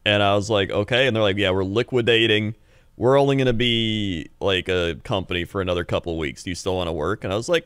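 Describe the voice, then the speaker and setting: A man's voice: lowish voice, expressive, normal speed, a bit bright, smooth, no echo, studio quality. A man in his thirties co-hosting a podcast, telling rambling stories with lots of laughs and acted-out voices. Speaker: podcast co-host. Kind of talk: casual storytelling chat.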